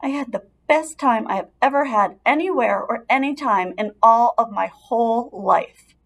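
A woman's voice: a little high, moderate pace. A woman voicing an eager young farm girl who gushes in a storybook reading. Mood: gushing. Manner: eager, gushing.

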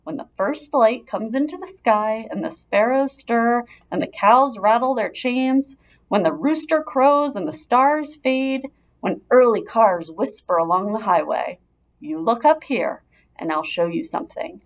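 A woman voicing a calm, kind female spider, speaking softly and measuredly in a storybook reading. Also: on the high side. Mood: tender. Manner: soft, measured, soothing.

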